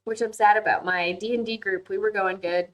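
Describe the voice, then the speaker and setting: A woman's voice: medium pitch, fairly even intonation, fairly quick, a bit bright, low-quality recording. A young woman hosting a casual livestream chat and reading viewer comments, talking freely, laughing easily and often saying "like". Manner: chatty, frequent "like" fillers, laughs easily.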